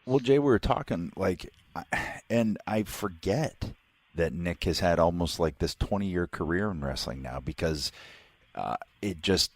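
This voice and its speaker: A man co-hosting a podcast with a husky voice, teasing friends in casual chat. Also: deep voice, unhurried, no room sound. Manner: teasing, expressive. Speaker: podcast co-host.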